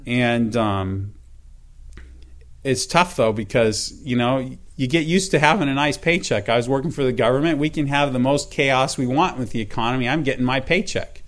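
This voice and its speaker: Man, middle-aged, church testimony, earnest, stumbling, repeats words. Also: medium pitch. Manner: earnest, halting with fillers and repeats; reads scripture aloud in old-fashioned wording. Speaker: church member giving testimony. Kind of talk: personal testimony talk.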